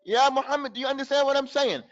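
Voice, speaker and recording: A man teaching Quran recitation in a live online class, calling on students by name, acting out their mistakes and reciting verses slowly. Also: extremely high pitch, fairly bright tone, dull audio. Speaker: tajweed teacher.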